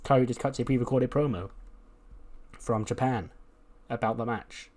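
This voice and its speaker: A man's voice: medium pitch, normal speed, darkish tone. A man giving casual, chatty commentary on a wrestling booking game, laughing at himself and swearing casually. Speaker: YouTuber playing a wrestling booking sim.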